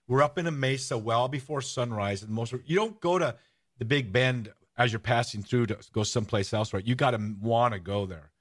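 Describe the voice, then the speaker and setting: A man hosting a radio-style podcast, telling stories in a casual, animated way. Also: mid-range voice, brisk. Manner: storytelling, animated, shouts out rallying cries. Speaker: podcast host. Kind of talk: casual radio-show chat.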